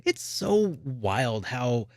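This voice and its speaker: A man chatting on a gaming podcast, rambling along with plenty of fillers and false starts as he gets carried away. His voice sits at an ordinary middle pitch and sounds close and dry, with no room echo. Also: drawn-out words. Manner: rambling and excitable, heavy on "like" and restarts. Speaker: podcast co-host. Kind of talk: casual chat about video games.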